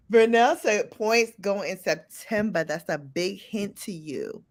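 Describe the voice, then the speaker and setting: Slow-talking woman hosting a live stream. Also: medium pitch, animated. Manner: teasing, laughing, unhurried. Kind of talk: casual live-stream chat.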